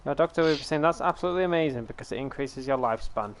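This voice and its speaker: A young British man hosting a casual game stream, telling stories to his viewers and calling them ladies and gentlemen. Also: mid-range voice, racing. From Britain. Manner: chatty storyteller, addresses viewers as ladies and gentlemen. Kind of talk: casual gaming stream chat.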